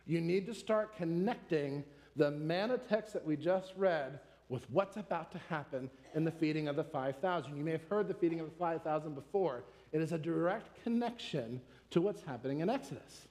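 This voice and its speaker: A man with a high voice delivers a sermon in an emphatic, conversational teaching style and often asks his listeners rhetorical questions. His voice rings out with a long reverb, as if in a large hall. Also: animated, normal speed, few pauses, a little mellow. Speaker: preacher.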